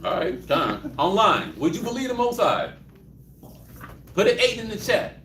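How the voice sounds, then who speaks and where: Lively high-voiced Southern man teaching scripture. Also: measured pace, background noise. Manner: animated, acts out prayers, laughs often. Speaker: Bible teacher. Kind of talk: interactive Bible study teaching. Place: room with a live group. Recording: roomy, mic at a distance.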